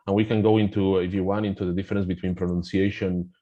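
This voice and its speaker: A man with a Spanish accent, a native Spanish speaker, talks at the low end of his range with a mellow, dark tone. He walks through a pronunciation app in a webinar. His explanations are halting and full of restarts. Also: level tone, dull audio. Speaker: guest presenting a pronunciation app.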